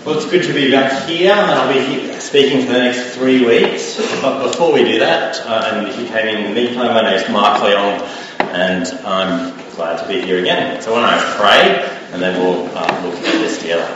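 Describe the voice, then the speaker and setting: A man's voice: mid-range voice, moderate pace, lo-fi sound, background noise. A middle-aged man preaching a sermon as a guest speaker, telling stories in a conversational way and letting phrases trail off. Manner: conversational, animated storytelling with dropping trailing phrases. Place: church. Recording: echoey hall, heard from far off.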